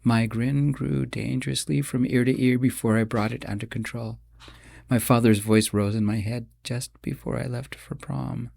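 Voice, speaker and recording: A man narrating a first-person romance audiobook in an expressive, dramatic way. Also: medium pitch, moderate pace, creaky, no echo.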